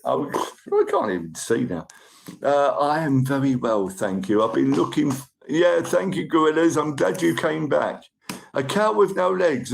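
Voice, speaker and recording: A man from the UK with a British accent, hosting a livestream and chatting casually through viewer comments, upbeat and a bit overexcited, his voice croaky. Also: medium pitch, slight background noise. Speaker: livestream host.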